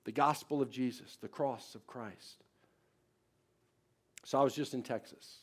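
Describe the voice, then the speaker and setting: A middle-aged male pastor preaching a sermon, swinging between loud emphatic declarations and soft, quiet personal asides. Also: mid-range voice, fairly even intonation, a little slow, slightly rough.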